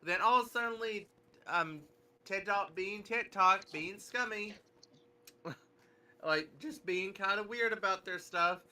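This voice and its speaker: Bright-voiced man rambling on stream. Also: sits high, slow, long pauses. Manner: rambling, full of restarts and filler words. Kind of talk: casual chat.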